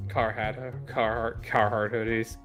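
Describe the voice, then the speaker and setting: A man's voice: lowish voice, flat delivery, unhurried, a bit bright, faint music behind. Joking, profane man in casual chat. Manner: joking and profane, retells comedy bits.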